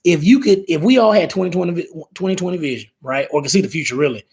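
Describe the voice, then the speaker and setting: A man's voice: on the high side, lively intonation, fast, gravelly, a little mellow, breathy edge. A man in his thirties hosting a casual live stream, talking in a rambling way, repeating words and reading viewer comments aloud. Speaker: live show host.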